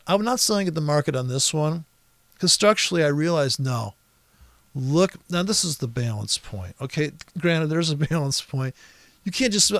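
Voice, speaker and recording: On a screen recording of a price chart, a man's somewhat high, gravelly, fairly bright voice comes through dry and close. Sarcastic and fed up, he swears a lot and rambles with restarts and asides.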